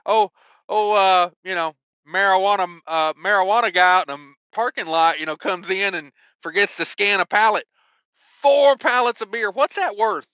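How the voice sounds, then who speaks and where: A man's voice: high voice, normal speed, pushed and bright, clear, resonant tone, no echo, lo-fi sound. A man who drives a truck, telling road stories in a casual, joking way with lots of ums and asides. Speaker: owner-operator trucker. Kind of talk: casual vlog storytelling.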